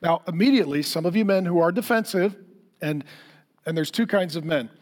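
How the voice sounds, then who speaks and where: A man's voice: high voice, a little fast, a little mellow, big-room sound. A middle-aged man preaching a sermon as a pastor, conversational and self-deprecating, often acting out quoted dialogue.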